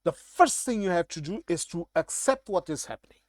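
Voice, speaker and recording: A man's voice: high-pitched, lively intonation, fairly quick, no room sound, clean studio sound. A man with a Portuguese accent, native in Portuguese, giving a casual, blunt and irritated monologue commentary.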